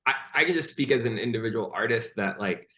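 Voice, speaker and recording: A man's voice: mid-range voice, animated, fast, a bit bright. A man speaking earnestly on a conference panel about youth and art, with many fillers and restarts. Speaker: panelist, poet and youth arts worker. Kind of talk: panel discussion.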